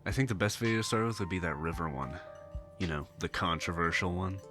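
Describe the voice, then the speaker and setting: A man's voice: low-pitched, fairly quick, bright, forceful tone, faint music behind, voice pushed down. A man voicing a friendly young woman from a small town who earnestly praises her friend, reading game dialogue. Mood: gushing.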